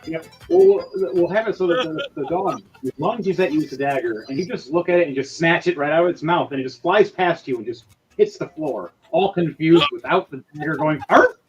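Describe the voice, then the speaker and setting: A man's voice: a little high, brisk, muffled recording, a crowd in the background. A man narrating as game master, talking casually and crudely with many fillers and restarts. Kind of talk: narrating a tabletop game over a stream.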